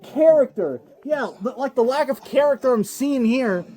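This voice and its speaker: A man doing comedic reaction commentary over video clips, mocking the speakers with loud, exaggerated outbursts. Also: very high voice, animated, moderate pace, faint music behind.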